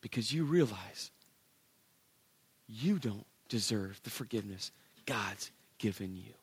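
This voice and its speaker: A male pastor preaching a sermon in an animated way, acting out the voices of biblical characters. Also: lowish voice, unhurried, husky, dry recording.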